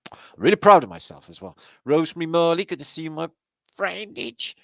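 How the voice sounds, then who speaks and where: A man's voice: fairly high pitch, very animated, a little fast, vocal fry, fairly bright tone, no room sound. Chatty Welsh man hosting a livestream. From Wales. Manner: chatty, swears freely, jokey banter. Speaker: livestream host. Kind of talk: casual livestream chat greeting viewers.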